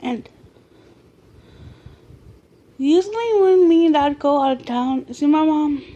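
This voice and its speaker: A woman in her early twenties telling a personal story to her camera late at night at home, excitable and animated, often restarting her sentences. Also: sits high, slow, dull audio. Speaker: vlogger. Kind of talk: casual storytelling vlog.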